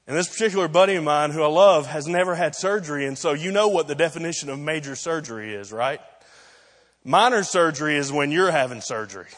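A man's voice: on the high side, a bit bright, long reverb tail. A man preaching a sermon, telling stories and acting out the voices in quotes. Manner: storytelling, acts out voices in quotes. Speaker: pastor.

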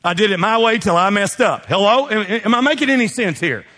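Husky-voiced preacher in a big hall. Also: male voice, sits high, lively intonation, fairly quick, pushed and bright. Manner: emphatic, preachy, calls out to the congregation. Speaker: pastor. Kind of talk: sermon. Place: church sanctuary. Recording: long reverb of a large hall.

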